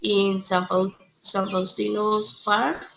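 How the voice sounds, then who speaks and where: Gravelly woman in her twenties. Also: mid-range voice, flat delivery, sharp tone, slight background noise, low-quality recording. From Colombia. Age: 20s. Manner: halting, fillers. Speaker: student. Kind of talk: class self-introduction.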